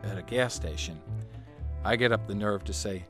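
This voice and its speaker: A man telling a first-person story in an animated, wry way. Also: lowish voice, normal speed, faint music behind.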